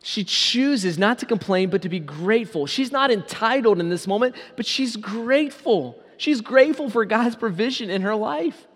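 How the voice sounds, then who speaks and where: A man with a fairly high voice delivers a sermon as pastor. He presses his listeners with rhetorical questions and slows down to stress his points. His voice rings out with a long reverb, as in a large church hall. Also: lively intonation. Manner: preaching with many rhetorical questions, slowing down for emphasis.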